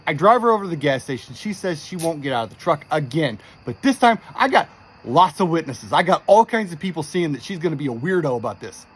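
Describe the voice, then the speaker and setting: A man in his forties recounts an unsettling encounter in a tense, shaken way, swearing freely. His voice sits a bit on the high side for a man. A faint hiss of background noise runs under the recording. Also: very animated, quick pace. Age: 40s. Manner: intense, profane, shaken retelling. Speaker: storyteller. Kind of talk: first-person true story.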